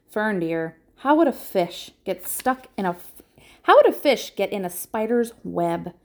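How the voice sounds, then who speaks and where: A woman's voice: medium pitch, very animated, a little slow, darkish tone. A woman reading aloud and voicing a stern, practical farm mother who speaks in a firm, scolding way.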